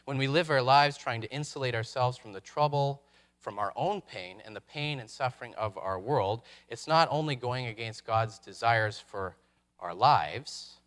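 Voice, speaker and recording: A man preaching a sermon, reflective, posing rhetorical questions with dramatic pauses. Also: medium pitch, fairly bright tone. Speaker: pastor.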